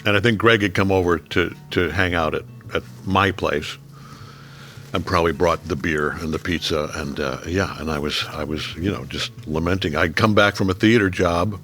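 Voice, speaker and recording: Older man, 70s, very low voice, easygoing raconteur, soft music bed. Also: normal speed. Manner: relaxed storytelling, drops low and quiet on reflective moments. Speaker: guest. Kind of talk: casual chat over a meal.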